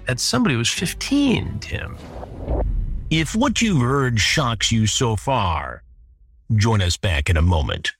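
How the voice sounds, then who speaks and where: A man's voice: medium pitch, big pitch swings, slow pace, a bit bright, husky, no room sound. A man hosting and narrating a true-crime story, with dry, sarcastic asides. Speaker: podcast host narrating a past sting.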